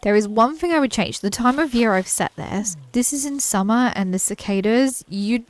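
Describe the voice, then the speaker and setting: A woman's voice: on the high side, expressive, moderate pace. A woman from the UK with a British accent, giving a chatty, enthusiastic commentary as she tours a game island, laughing often. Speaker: gaming channel host. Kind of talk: casual game tour commentary.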